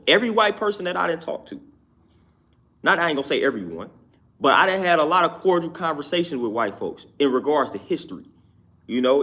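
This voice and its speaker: This man's voice sits on the high side and sounds a bit bright as he shares casual opinions on his own YouTube show. He speaks emphatically and repetitively, often asking "you know what I'm saying."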